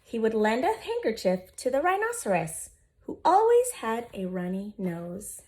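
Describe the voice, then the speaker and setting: Female teacher, 30s, storybook read-aloud, gentle and animated, fairly high voice. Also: measured pace. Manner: expressive, gentle, speaks directly to listening children.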